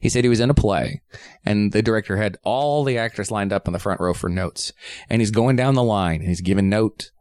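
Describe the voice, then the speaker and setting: A man's voice: lowish voice, brisk, no echo. A man hosting a podcast, chatting casually and joking self-deprecatingly as an audiobook narrator. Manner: animated, jokey, self-deprecating. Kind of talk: casual chat.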